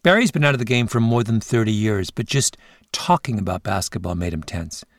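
A male podcast host narrating a scripted story in a measured way, with interview clips in between. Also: fairly low pitch, lively intonation, dry recording, clean studio sound.

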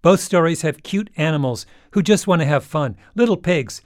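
Guy hosting a podcast, wry and punchy, really animated delivery. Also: a little high, normal speed, no echo, studio quality. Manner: wry, emphatic, conversational. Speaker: podcast host. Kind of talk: scripted narration.

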